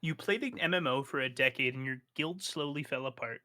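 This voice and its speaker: A man's voice: medium pitch, fairly quick, bright, forceful tone. A man streamer chatting on a live stream, blunt and profane, giving advice in a lecturing way. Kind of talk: casual live-stream chat.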